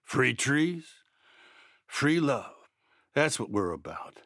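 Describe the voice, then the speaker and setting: A man's voice: medium pitch, very animated, takes it slowly, a bit bright, dry recording, studio quality, pitched above the performer's own voice, exaggerated voice. A man voicing a drunk, bearded man in his thirties who leers and mocks with sneering swagger. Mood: leering.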